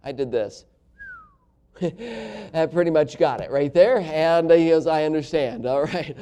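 A man's voice: a little high, expressive, slow, mellow, a little hiss or hum. A man preaching a sermon, telling a personal story in a folksy way, with many fillers and chuckles. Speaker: pastor.

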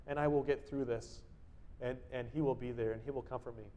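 A man giving a devotional sermon. He reads Bible verses with force and then explains them in a quiet, conversational way, often adding tag questions and restarting his sentences. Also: medium pitch, fairly even intonation, brisk, lo-fi sound. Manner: reads verses loudly, then drops to quiet personal asides. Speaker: preacher. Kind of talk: devotional sermon with scripture reading.

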